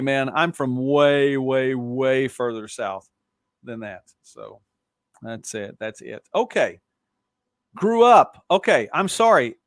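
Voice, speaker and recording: Man, softened Southern accent, live-stream host, rambling chat, mid pitch, dry sound. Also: no echo. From born in Texas. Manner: chatty, rambling, reacts to viewer comments. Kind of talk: casual live-stream talk show. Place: home studio.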